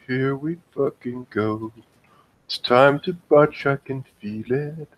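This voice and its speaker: A man's voice: medium pitch, takes it slowly, dry recording, highs cut off. A man playing a tabletop game, talking in a casual, offhand and joking way. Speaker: player.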